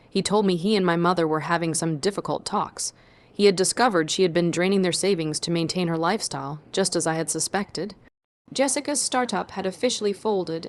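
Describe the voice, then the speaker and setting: A woman narrating a first-person family drama story in a measured, dramatic way. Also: lowish voice.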